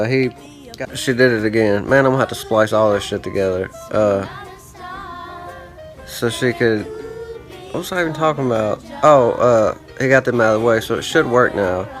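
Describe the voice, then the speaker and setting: A man telling a rambling, profane story in a casual vlog monologue, with lots of "I'm like" and asides. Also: medium pitch. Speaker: vlogger.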